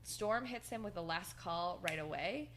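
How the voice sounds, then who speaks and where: A woman's voice: fairly low pitch, expressive, unhurried, fairly bright tone, a little hiss or hum. A woman co-hosting a podcast, casually recapping wrestling in a rambling way with lots of fillers and laughter. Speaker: podcast co-host.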